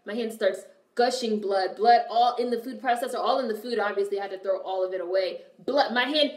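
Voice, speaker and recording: A young woman streaming and chatting casually with her viewers, telling animated stories full of swearing. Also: mid-range voice, a little fast. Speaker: streamer reacting to a movie and reading chat. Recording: echoey room.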